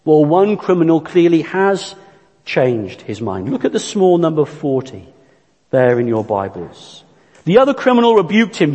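A man preaching a sermon, earnest and deliberate, walking listeners through illustrations. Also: a little high, very animated, a little mellow. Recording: long church reverb.

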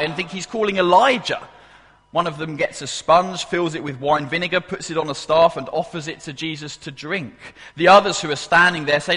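A man's voice: fairly high pitch, moderate pace, bright, forceful tone, husky, big-room sound. A man preaching a sermon in a church service, emphatic, repeating key phrases and asking the congregation questions. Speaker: pastor.

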